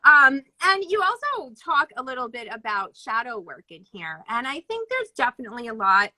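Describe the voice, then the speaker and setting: A woman's voice: high-pitched, very animated, normal speed, pushed and bright, no echo, rough recording. A woman interviewing a guest, stuffy from allergies, enthusiastic and full of praise. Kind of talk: casual interview chat.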